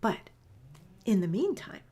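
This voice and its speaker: Breathy woman telling a story. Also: medium pitch, big pitch swings, a little slow, warm tone. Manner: chatty, with frequent fillers and restarts. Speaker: animal communicator. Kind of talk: casual storytelling to camera.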